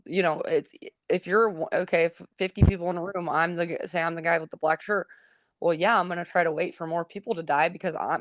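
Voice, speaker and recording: A woman's voice: fairly low pitch, no echo. A woman co-hosting a casual movie review chat, rambling and profane, laughing often, with a smoker's cough. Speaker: podcast co-host.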